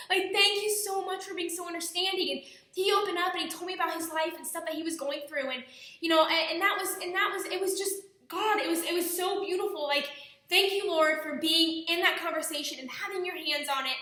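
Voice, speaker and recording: A woman's voice: extremely high pitch, steady tone, brisk, bright, forceful tone. A young woman talking earnestly and casually to her viewers in a personal vlog, often restarting her sentences. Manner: earnest, talkative, many restarts. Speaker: vlogger. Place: indoors at home. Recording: very echoey room.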